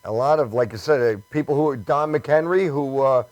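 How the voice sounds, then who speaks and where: A man hosting a talk show, chatting with his guest in a relaxed, agreeable way. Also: medium pitch, normal speed, no room sound. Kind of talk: interview chat.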